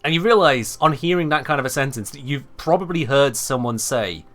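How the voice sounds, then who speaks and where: A man's voice: mid-range voice, a little fast, soft background music. A British man chatting playfully with his live-stream audience while he plays a game. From Britain. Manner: animated, playful, talks back to chat.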